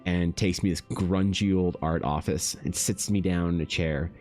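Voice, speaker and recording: Deep-voiced Canadian man telling a story. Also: normal speed, faint music behind. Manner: animated, swears casually, many restarts and fillers. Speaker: artist streamer. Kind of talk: casual storytelling on a livestream.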